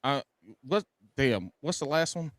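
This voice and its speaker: A man's voice: medium pitch, expressive, measured pace, no echo. A man chatting rowdily on a podcast, laughing and swearing. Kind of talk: casual podcast chat.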